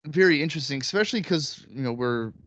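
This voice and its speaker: A man's voice: on the high side, lively intonation, fast talker, a bit bright, dry recording. Blunt, swearing podcast guy. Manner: blunt, swears, jokey rants. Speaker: podcast co-host. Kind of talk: casual chat.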